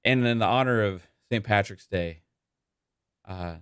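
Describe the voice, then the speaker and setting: A man's voice: fairly low pitch, a little slow, a bit bright, smooth, no room sound, studio quality. A man from Texas hosting a gaming podcast in a laid-back, casual way, with many fillers. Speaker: podcast host. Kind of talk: casual chat.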